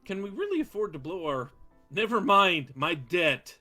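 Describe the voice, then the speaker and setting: A man joking through a game playthrough in casual commentary, with a fairly high voice. His tone is bright and edgy, and his pitch jumps around a lot. Faint music plays behind him. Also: sing-song, moderate pace. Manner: joking, hums tunes. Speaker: let's play co-host.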